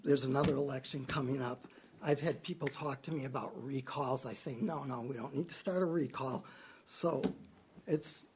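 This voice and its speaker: A man's voice: mid-range voice, normal speed, darkish tone, slight background noise. A man speaking as mayor at a city council meeting, upset and defensive, repeating himself as he argues his case. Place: council chamber.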